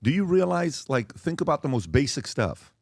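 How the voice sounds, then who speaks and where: A man's voice: on the high side, big pitch swings, moderate pace, no echo, clean studio sound. A man hosting a podcast panel discussion, earnest and questioning, thinking aloud. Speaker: podcast host.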